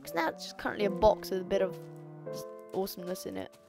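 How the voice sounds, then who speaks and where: A woman's voice: medium pitch, little pitch movement, quick pace, vocal fry, over music. A woman giving rambling, sweary let's play commentary. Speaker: gamer.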